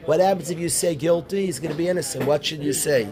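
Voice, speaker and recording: A man, a rabbi teaching a Talmud class, animated, calling on students by name and repeating his questions. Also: on the high side, quick pace. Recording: room noisy with student chatter.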